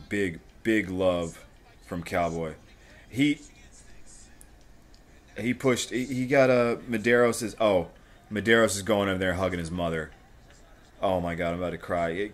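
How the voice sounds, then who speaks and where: Deep-voiced, excitable, profane young man. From Florida, USA. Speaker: livestream host. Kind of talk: live fight watch-along commentary.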